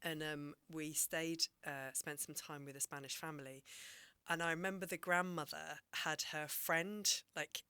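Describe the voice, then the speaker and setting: Low, bright, clear woman. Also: fairly even intonation, measured pace, no echo. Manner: thoughtful and reflective, trailing into soft near-whispers. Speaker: guest, GP doctor. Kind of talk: candid podcast conversation.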